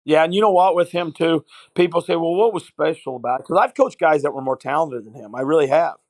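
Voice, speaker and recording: A man's voice: a little high, fast, no room sound, poor audio. A middle-aged man, a basketball coach and podcast guest, telling long anecdotes and acting out the conversations in them. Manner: anecdotal, retells conversations in quotes. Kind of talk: interview storytelling.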